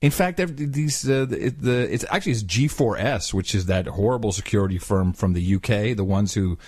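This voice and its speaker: A Dutch man co-hosting a podcast tells a travel story casually, mocking the people he quotes by acting out their voices. His voice is on the low side with a darkish tone and a moderate pace, captured in clean studio sound with no echo.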